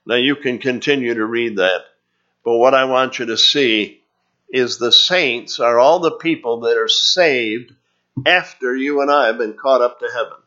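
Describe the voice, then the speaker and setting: Slow-talking male preacher, muffled recording. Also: medium pitch, pushed and bright. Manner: earnest teaching tone, reading scripture aloud. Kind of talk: sermon.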